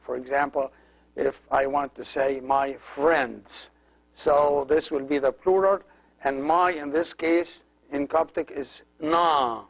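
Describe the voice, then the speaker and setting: Middle-aged guy, priest doing a language lesson, slow and patient, kinda high voice. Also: poor audio. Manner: patient, explains while writing letters.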